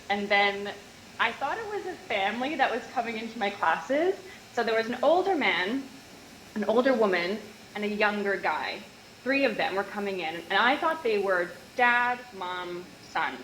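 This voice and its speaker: A woman's voice: medium pitch, unhurried, echoey room, slight background noise, poor audio. A woman in her thirties from Nova Scotia with a Canadian accent, chatting as an interview guest and acting out bits of dialogue as she tells her story. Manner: animated storyteller, acts out dialogue, laughs often. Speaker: guest, yacht nutritionist and former stewardess. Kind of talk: casual interview chat.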